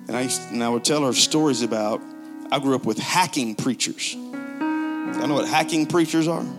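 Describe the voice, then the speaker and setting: A man in his forties preaching a sermon in a joking, conversational way, low on strength and not raising his voice. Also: moderate pace, over music. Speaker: pastor.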